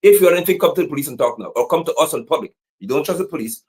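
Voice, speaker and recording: A man giving impassioned livestream commentary as an activist, preaching and repeating slogans, sometimes shouting. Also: fairly high pitch, animated, fast talker, few pauses.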